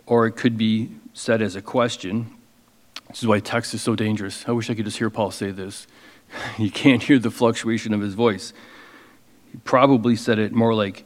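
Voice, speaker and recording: A man preaching as a pastor, reading scripture slowly with emphasis and then explaining it in a casual, conversational way. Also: on the low side, steady tone, in a large hall. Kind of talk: expository sermon.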